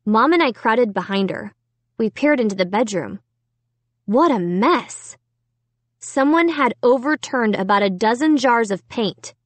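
A woman's voice: a little high, expressive, moderate pace, no echo. A woman giving a scripted first-person audiobook narration.

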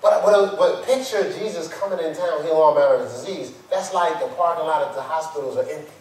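A man preaching a sermon as pastor, telling stories in a conversational, animated way full of slang, heard from far off in an echoey church. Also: fairly high pitch, fairly quick.

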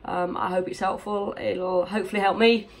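A woman's voice: medium pitch, level tone, normal speed. A woman in her forties from Yorkshire, telling her personal story to camera from her home office in a candid, chatty, lightly joking way. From Yorkshire, England. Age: 40s. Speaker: vlogger.

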